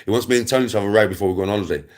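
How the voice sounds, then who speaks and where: A vlogger from England's West Midlands rattles off a mocking rant to camera, teasing repeatedly and breaking into laughs. His voice is on the low side and rapid-fire, with a darkish tone.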